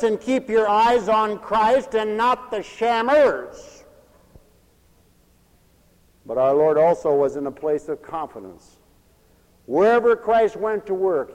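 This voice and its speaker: A man preaching with a raised, animated voice that swoops high and low. He moves from loud exclamations to near-whispers, drops folksy asides and laughs between lines. The sound rings with long reverb from a church hall. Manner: animated, swings from loud to hushed. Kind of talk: lively sermon.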